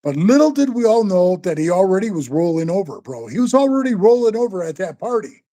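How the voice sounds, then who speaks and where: Mellow-voiced older man, rambling and profane. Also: high-pitched, big pitch swings, brisk. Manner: rambling, profane, keeps calling the listener bro. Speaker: interview guest, former biker club member. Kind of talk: casual storytelling interview.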